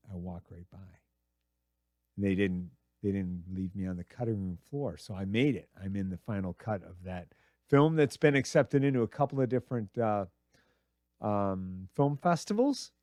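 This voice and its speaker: A man's voice: lowish voice, a little mellow, dry recording, clean studio sound. Rambling, crude middle-aged male host. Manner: rambling, crude, self-mocking. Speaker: radio host. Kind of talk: casual comedic monologue.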